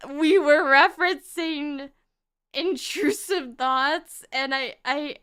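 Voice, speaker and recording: High-voiced giggly young woman streamer. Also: slow pace. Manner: giggly, rambling, excitable. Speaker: VTuber streamer. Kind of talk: casual stream chat while drawing. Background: faint background music.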